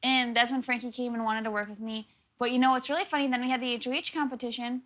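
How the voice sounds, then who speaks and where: Young woman interviewee, bright and high, chatty storyteller. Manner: rapid, filler-heavy, animated. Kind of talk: casual storytelling.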